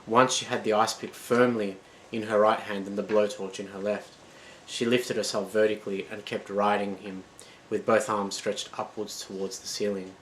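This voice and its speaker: A man's voice: lowish voice, little pitch movement, normal speed, a bit bright, a little hiss or hum, low-quality recording. A man reading a dramatic retelling of a myth as a scripted narration.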